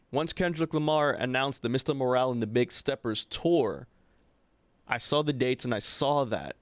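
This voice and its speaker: A young man, co-hosting a podcast and telling a long personal story in a loose, animated way, often checking in with his co-host. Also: medium pitch, clean tone, no room sound. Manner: animated, chatty, frequent "right?" asides to his co-host. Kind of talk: casual storytelling chat.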